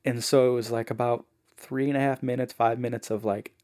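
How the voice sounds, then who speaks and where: A man guest on a podcast, telling a personal story in a casual, animated way, full of "like" and "man". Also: medium pitch, fairly quick. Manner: animated, acts out the people he quotes; fillers like "man" and "like".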